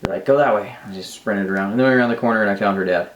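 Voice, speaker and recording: A man's voice: on the low side, rapid-fire, recorded from a distance. A young man animatedly retelling a story, quoting dialogue, heard from off-mic in a roomy space. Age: young adult. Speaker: co-host, husband. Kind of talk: casual storytelling.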